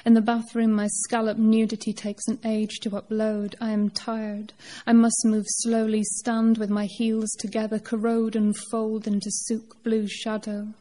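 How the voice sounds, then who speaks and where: A woman poet reads her work aloud at a live event. Her delivery is measured and deliberate, with a flat, even pitch. Her tone is mellow and dark. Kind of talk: live poetry reading.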